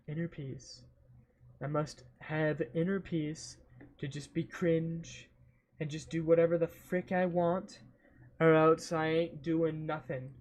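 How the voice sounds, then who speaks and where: A man's voice: fairly high pitch, darkish tone. A man chatting casually on a livestream, rambling and thinking aloud, trailing off mid-sentence and humming between thoughts. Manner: hums and scats between thoughts.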